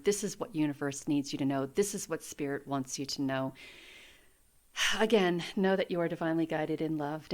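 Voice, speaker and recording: Soft-spoken woman giving a spiritual tarot reading. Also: low-pitched. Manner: gentle, spiritual, emotional and tearful at times. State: welling up with tears. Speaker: tarot reader. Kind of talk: casual tarot reading to camera.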